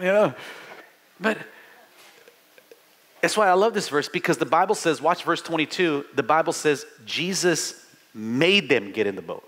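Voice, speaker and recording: A middle-aged man preaching a live sermon with fervent energy, stammering restarts and bursts of shouting. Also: medium pitch, lively intonation, moderate pace, pauses often. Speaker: pastor.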